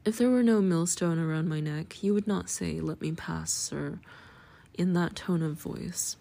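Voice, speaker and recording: A man's voice: on the high side, measured pace, gravelly, warm tone. A woman reading the part of a lonely husband who speaks in a thick, tired voice. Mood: pleading.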